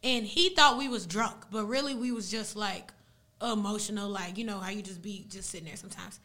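A young woman who speaks Arabic as her first language is a guest on a podcast, retelling a story in a casual, animated way packed with slang. Her voice is medium in pitch and her pace is brisk.

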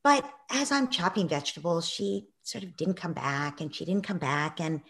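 A middle-aged woman telling a story in a conversation, acting out quoted voices and sinking to a soft near-whisper in reflective moments. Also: fairly low pitch, lively intonation, normal speed, vocal fry. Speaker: guest, parenting author.

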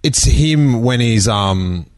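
A man's voice: mid-range voice, expressive, slow pace, no echo, clean studio sound. A man interviewing a guest in casual chat, asking short questions and agreeing briefly.

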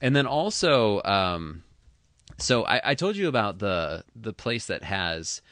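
Low-voiced man in casual podcast chat. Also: big pitch swings, slow pace, fairly bright tone, no echo. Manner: rambling, dry, lots of ums. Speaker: podcast co-host.

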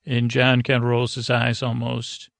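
Flat, gravelly man rambling through a recap. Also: medium pitch, no echo. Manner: halting, full of "uh" and "he goes". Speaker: podcast host. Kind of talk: rambling episode recap for sleep.

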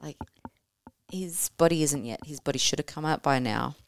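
A woman telling her birth story as a podcast guest, animated and casual, swearing freely and acting out what she said at the time. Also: sits low, moderate pace. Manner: animated, swears casually, acts out her own past words.

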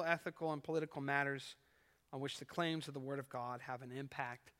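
A male pastor preaching a sermon at a live church service, building to loud emphasis and reading a poem with dramatic force. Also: medium pitch, a little fast. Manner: preaches with rising emphasis, reads poetry dramatically. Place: church sanctuary. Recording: live church service with long hall reverb.

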